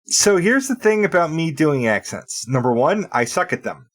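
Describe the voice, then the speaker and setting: A man's voice: fairly high pitch, big pitch swings, moderate pace. A man in his thirties co-hosting a podcast, with a wry, dry sense of humor, chatting and reading announcements. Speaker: podcast co-host. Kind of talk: casual chat and read announcements.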